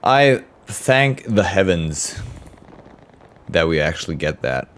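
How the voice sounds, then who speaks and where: A low-pitched streamer with big pitch swings talks slowly while playing a war shooter, swearing often and addressing his chat mid-game. The background is noisy with gunfire, explosions, and artillery from the game.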